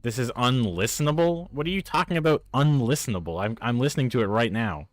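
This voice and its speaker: A man's voice: medium pitch, animated, fast, dry recording, soft background music. A man with a Newfoundland accent, chatting casually on a live stream and arguing with viewers about his microphone. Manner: exasperated, arguing with chat about his mic.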